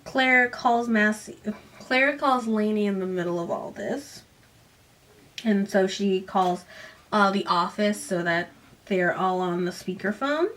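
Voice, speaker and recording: A woman's voice: medium pitch, slow, a bit bright. This is a young woman giving a casual, chatty recap of a teen novel. She reads bits aloud, then drops them to tease the text with sarcastic asides. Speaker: book reviewer. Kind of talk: casual book recap with read-aloud passages.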